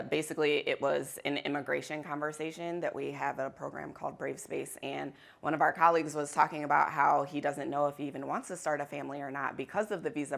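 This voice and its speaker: A woman with a low, gravelly voice leads a workshop in front of a room of people. She talks candidly and with animation, and she laughs easily. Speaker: workshop facilitator. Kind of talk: interactive workshop talk. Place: conference room with an audience.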